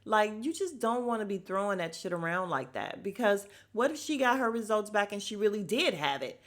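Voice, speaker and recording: A woman's voice: mid-range voice, brisk. A woman hosting a casual podcast, recapping a reality show episode in a blunt, sassy way and swearing freely. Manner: animated, acts out the cast's lines. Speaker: podcast host.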